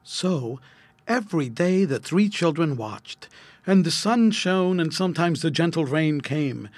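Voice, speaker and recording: A man reading an old-fashioned children's story aloud, gentle and expressive. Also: a little high, unhurried, dry recording. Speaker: narrator.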